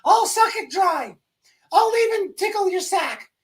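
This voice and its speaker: A man voicing a desperate woman in jail who begs a jailer in a shrill, wailing voice. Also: animated, unhurried. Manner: shrill, wailing, crude pleading. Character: desperate woman begging a jailer, shrieking and sobbing.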